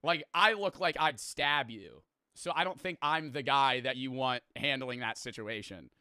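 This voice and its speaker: A man's voice: medium pitch, bright, forceful tone, no room sound, clean studio sound. A man hosting a reaction video, rambling casually, swearing and joking about himself. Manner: rambling, profane, self-deprecating, quick to laugh.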